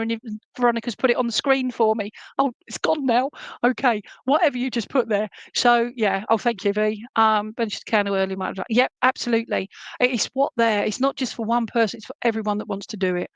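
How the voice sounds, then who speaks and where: A woman giving live psychic readings to viewers, chatty and animated, humming tunes and relaying messages as she goes. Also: a little high, no room sound.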